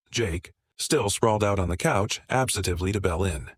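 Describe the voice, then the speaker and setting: A man narrating a first-person drama story in a steady, measured way. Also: low-pitched, no room sound, studio quality.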